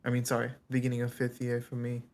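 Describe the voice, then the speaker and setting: A man voicing a shy young British male wizard student who speaks softly and hesitantly. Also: medium pitch, monotone, fast talker, natural voice.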